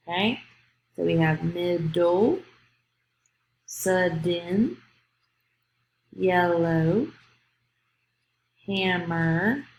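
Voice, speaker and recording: A woman's voice: medium pitch, darkish tone, a little hiss or hum. A woman, teaching a grammar lesson to young students. She explains patiently step by step and checks in with "okay?". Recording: echoey room.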